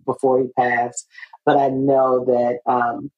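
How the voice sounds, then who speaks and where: A woman with a low voice hosts a podcast conversation. She talks casually and animatedly, often restarting her sentences and breaking into laughter. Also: flat delivery, slow, highs cut off. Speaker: podcast host. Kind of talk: casual interview chat.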